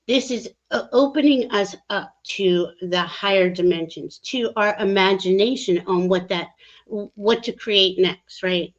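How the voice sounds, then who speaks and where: A woman astrologer in casual chat, rambling and often correcting herself with frequent fillers. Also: mid-range voice. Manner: rambling, self-correcting, frequent "you know". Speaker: astrologer guest. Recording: slightly dull lo-fi audio.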